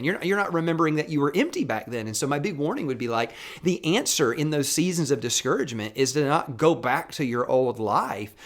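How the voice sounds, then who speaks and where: A man, a pastor, giving a casual and animated devotional talk, acting out quoted lines as he tells the story. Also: a little high.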